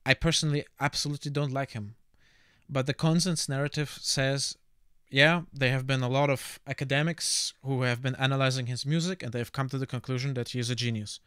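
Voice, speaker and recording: A man with a Russian accent muses out loud while he draws on stream. He stops now and then to hunt for the right word. His voice is smooth and resonant at an ordinary middle pitch, and it sits dry and close to the mic. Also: dry recording. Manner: halting, often stops to search for words; relaxed, reflective, laughs easily. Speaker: art streamer. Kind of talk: casual chat while drawing on stream.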